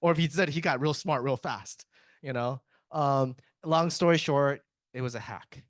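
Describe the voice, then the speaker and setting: A man's voice: mid-range voice, normal speed, no room sound. A man in IT giving a casual, joking conference presentation, chatty and often breaking off mid-sentence to restart. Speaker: IT speaker at a tech summit.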